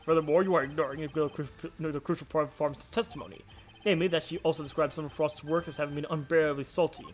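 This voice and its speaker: A man voicing a composed male prosecutor, reasoning through the case in a measured way while reading game dialogue aloud. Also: a little high, fairly even intonation, a little hiss or hum, close to an everyday voice.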